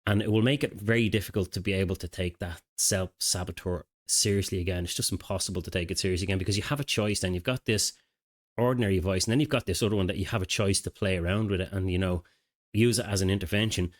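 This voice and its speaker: A man's voice: sits low, steady tone, quick pace. A middle-aged man, a mindset coach, giving a casual, conversational self-help talk to camera. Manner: casual, conversational, with filler phrases and restarts.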